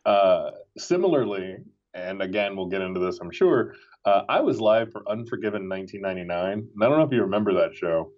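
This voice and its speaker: A man with a low voice talks as a guest on a casual podcast. He is wry and sarcastic and repeats phrases for emphasis. The audio sounds dull and lo-fi. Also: animated, fairly quick. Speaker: wrestling writer guest.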